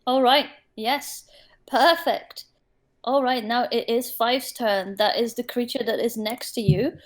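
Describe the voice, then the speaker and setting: Woman game master on an online call, fairly high voice, vivid and halting narration. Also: fairly even intonation. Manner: vivid descriptive narration with hesitant pauses.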